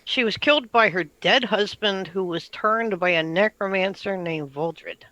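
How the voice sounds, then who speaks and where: A tabletop game player who speaks haltingly, searching for words. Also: mid-range voice, pushed and bright, highs cut off. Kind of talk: casual tabletop play.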